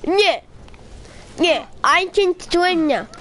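A young woman playing a video game with a friend, bossing and joking in a playful role-play with shouty outbursts. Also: very high-pitched, lively intonation, extremely slow, a little hiss or hum.

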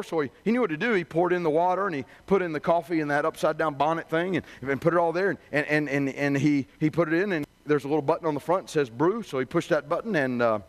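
A male revival preacher giving a sermon in a conversational, humorous, storytelling way. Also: on the high side.

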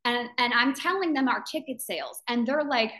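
Here a woman with a fairly high, bright, forceful voice speaks at a moderate pace. She founded a business community and is rallying its members on a live video call, fervent and emphatic, repeating phrases and mimicking doubters in quotes.

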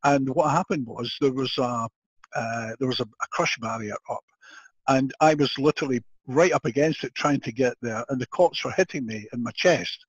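An older man from Scotland with a Scottish accent, a podcast guest telling an animated story with frequent laughter and restarted sentences. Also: mid-range voice, moderate pace, husky, dry recording. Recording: dull, dry lo-fi audio.

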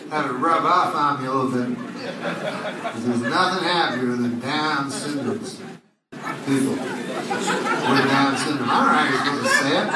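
A man doing a rambling, crude stand-up set with meandering asides, taped from the audience in a comedy club. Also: mid-range voice. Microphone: audience bootleg recording from far off. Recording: far-off echoey club bootleg with loud crowd. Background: loud audience laughter and noise.

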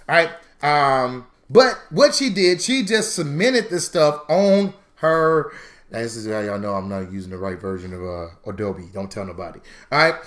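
Man instructor, fairly high voice, animated, chatty live class. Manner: animated, chatty, acts out mock quotes; talks to viewers as "y'all". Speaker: credit repair instructor.

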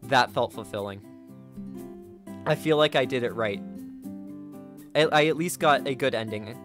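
A man giving let's play commentary as a gaming video creator, excitable, gasping and chatting to his viewers. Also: medium pitch, a little slow, music in the background.

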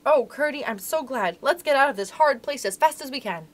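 An eager young princess girl from a storybook, bright-voiced and determined, as a woman puts her on. Her voice sits a little high and swings widely in pitch. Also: animated, brisk. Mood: excited.

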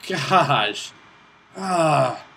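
A man's voice: on the high side, animated, very slow, creaky, bright, forceful tone. Man swearing over a video game. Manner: frustrated, swearing and muttering at the game. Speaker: gaming channel host. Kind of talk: casual gameplay commentary. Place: hot room at home. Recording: noisy home recording with clicks.

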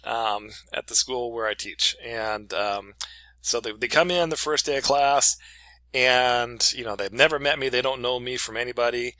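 Man, middle-aged professor, chatty storytelling lecture, bright forceful voice, dry close sound. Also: mid-range voice, moderate pace, no room sound, low-quality recording. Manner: chatty storytelling with frequent "okay?" checks. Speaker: English professor. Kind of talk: casual lecture to camera.

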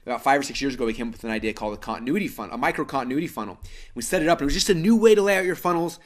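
A man's voice: medium pitch, expressive, very fast. A man in his thirties from Idaho hosting a live webinar, telling a story with lots of fillers and restarts. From Idaho, United States. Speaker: webinar host.

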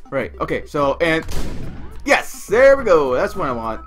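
A woman hosting a let's play, loudly swearing and shouting at the game in excitable outbursts. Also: sits low. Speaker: gaming channel host.

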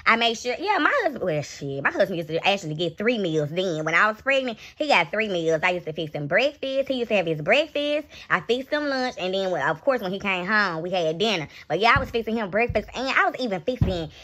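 A woman's voice: mid-range voice, very animated, a little fast, hardly any pauses, a bit bright. A young woman ranting bluntly and profanely in a raw live reaction vlog, mocking and scolding. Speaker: reaction vlogger.

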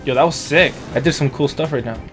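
A man streaming a video game and commenting loudly, excitable, joking and crude. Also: on the high side, fast. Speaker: gaming streamer. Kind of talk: let's-play commentary. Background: game music.

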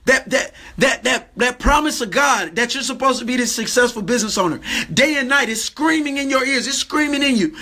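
Preaching a sermon over a livestream, a man uses a fervent, repetitive cadence. His voice is very high for a man, bright and forceful, and he speaks at a normal speed.

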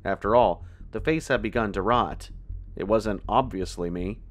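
Man, horror story narrator, lowish voice, tense measured delivery.

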